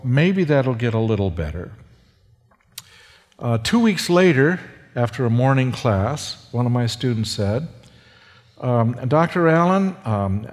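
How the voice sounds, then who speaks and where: Slow-speaking man preaching in a reverberant hall. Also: mid-range voice. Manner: slow and halting, with many fillers and restarts. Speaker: seminary professor and preacher. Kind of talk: sermon testimony with slides.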